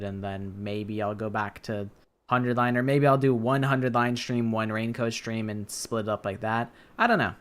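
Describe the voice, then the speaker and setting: A tired man streaming a game, chatting casually in a rambling, hesitant way that often trails off. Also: mid-range voice. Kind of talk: casual gameplay chat. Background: game music.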